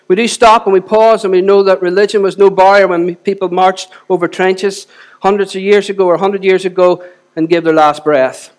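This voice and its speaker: A man delivers a Sunday sermon in a high-pitched voice. He preaches conversationally, doubling back on his words and repeating himself as he goes. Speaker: lead pastor.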